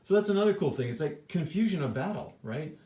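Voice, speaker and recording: Talking fast in a warm, expressive voice on the high side, a man muses about a board wargame he has played. He rambles, keeps restarting his sentences and fills them with filler words. There's an echo from the room.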